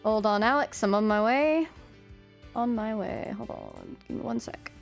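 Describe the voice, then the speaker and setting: Young woman streamer host, chatty, reads chat out, slightly high voice, faint music behind. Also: unhurried, gravelly. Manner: chatty, greets viewers and reads chat aloud. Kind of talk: casual live-stream chat.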